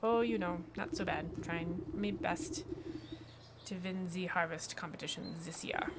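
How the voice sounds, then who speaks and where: A woman's voice: on the low side, a little slow, very noisy. Woman doing a German-accented gourd farmer. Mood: welcoming. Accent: put-on German. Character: hefty gourd-headed male vegetable farmer, grumbling and suspicious. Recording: game music playing behind.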